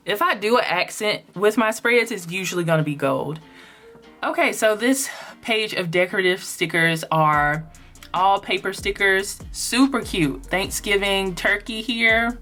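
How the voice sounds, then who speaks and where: Chatty woman with a lowish voice. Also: fairly bright tone. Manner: chatty, upbeat, lots of ums and likes. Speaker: planner sticker vlogger. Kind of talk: casual flip-through narration.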